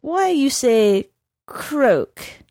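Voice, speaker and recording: A drunken male horse slumps at the bar, prickly and quick to take offence, speaking in short, broken phrases. A woman puts him on, pitched high and pushed loud. The recording is dry and close. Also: lively intonation, no echo. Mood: suspicious.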